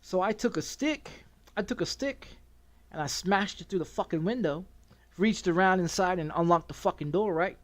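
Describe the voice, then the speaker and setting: A man with a fairly high-pitched voice tells a long story as he streams a game. He swears freely and rambles, stumbling over his words and starting his sentences again. It sounds like loose, offhand storytelling. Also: normal speed. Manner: profane and rambling, with many restarts. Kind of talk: casual storytelling while streaming.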